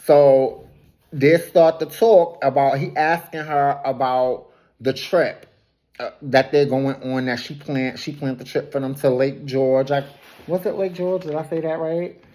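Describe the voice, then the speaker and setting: A woman's voice: extremely low pitch, steady tone, unhurried, warm tone. Chatty woman recapping reality TV. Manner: chatty and gossipy, laughs often, throws shade; loose colloquial phrasing with frequent self-corrections. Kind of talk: casual episode recap with commentary.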